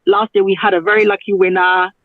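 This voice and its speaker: A man from Ghana, a guest on a radio show, talking in a halting, rambling way and often correcting himself. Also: high-pitched, little pitch movement, no room sound. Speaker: guest promoting a travel raffle. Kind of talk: phone-in radio interview. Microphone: phone. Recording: tinny phone line.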